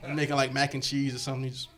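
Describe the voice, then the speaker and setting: A man's voice: medium pitch, very noisy. A young man from Connecticut performing a stand-up comedy set, talking loosely and conversationally. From Connecticut, USA. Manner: loose, conversational, slips into character voices for quoted people.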